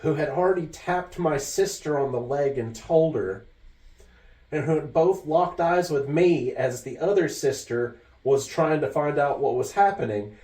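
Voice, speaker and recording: A podcast co-host with a fairly high voice tells a story casually and a little slowly, animated and laughing all the way through. The recording has a roomy echo, with the mic placed far away.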